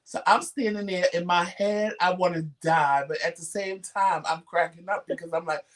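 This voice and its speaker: A talk-show co-host chatting casually, telling stories with lively acted-out quotes and slangy speech. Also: mid-range voice, normal speed. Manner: animated storyteller acting out quotes. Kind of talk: casual chat.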